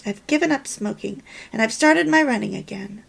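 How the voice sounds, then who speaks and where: Woman reading as a quick-tempered wife. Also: a little high, lively intonation, vocal fry, slightly rough, full character voice. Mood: pleading. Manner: pleading. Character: quick-tempered wife and mother, now contrite.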